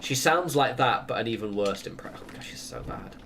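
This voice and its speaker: A man's voice: medium pitch, expressive, fairly quick, a bit bright, slight background noise. A man chatting casually while streaming a game, rambling through opinionated tangents and laughing often. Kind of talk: casual chat while gaming.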